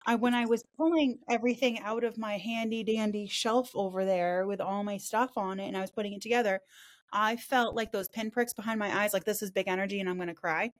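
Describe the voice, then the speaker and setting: A woman's voice: mid-range voice, steady tone, a little fast. A woman hosting a podcast in casual chat, telling stories in a rambling way and swearing freely.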